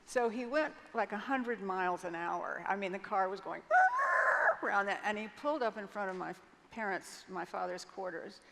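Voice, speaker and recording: A woman's voice: medium pitch, a little fast, gravelly. An older woman telling a personal story candidly as an interview guest on a conference stage, frank and vivid, with hesitant restarts. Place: large conference hall stage. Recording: long hall reverb, faint noise.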